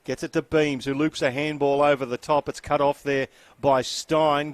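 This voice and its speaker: An Australian man calling a football match through a headset, brisk with wry asides. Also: a little high, steady tone, no echo. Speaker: play-by-play commentator. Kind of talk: sports commentary.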